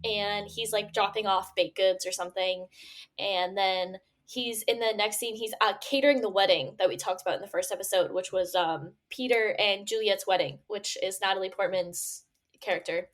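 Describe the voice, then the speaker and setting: A woman's voice: mid-range voice, fairly even intonation, moderate pace. A woman co-hosting a podcast, rambling through her story with many fillers. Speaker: podcast co-host. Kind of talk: casual chat.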